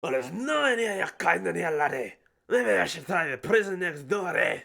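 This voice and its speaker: Streamer putting on a loud, hot-tempered Scottish jailer, rolled R's, wide swings in pitch. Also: sing-song, normal speed, creaky, full character voice. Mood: gruff. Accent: Scottish, put on. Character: gruff, suspicious male prison governor.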